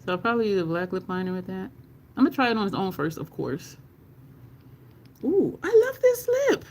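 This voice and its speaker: A chatty makeup livestreamer talks to viewers while applying a look, at a middle pitch. The talk is loose and unscripted, full of laughter and quick replies to the chat, with a swear word dropped in here and there. A faint hum of noise sits behind the voice. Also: big pitch swings, a little mellow. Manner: curses casually in conversation.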